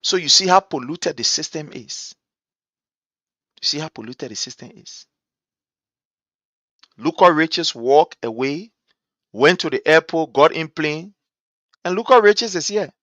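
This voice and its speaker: This political talk show host from Liberia speaks Liberian English in a slightly high, expressive, fairly bright voice, a little slow and pausing often. His passionate commentary leans on rhetorical questions, repetition and "guess what," recorded dry.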